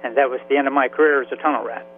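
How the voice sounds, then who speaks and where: A man in his seventies, a veteran and author, telling his story in a halting, emotional way with many restarts. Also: medium pitch, fairly even intonation. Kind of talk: radio interview by phone. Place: Florida. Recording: tinny phone line with faint hiss.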